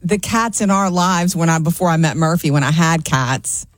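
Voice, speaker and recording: A woman's voice: sits low, no echo. A woman co-hosting a morning radio show, teasing her co-hosts in casual banter. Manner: teasing, quick reactions.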